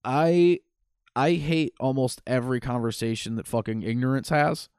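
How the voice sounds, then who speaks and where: A man in casual chat, animated and exasperated, acting out what characters say. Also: mid-range voice, moderate pace, smooth, no room sound, clean studio sound. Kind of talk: casual chat about a video game.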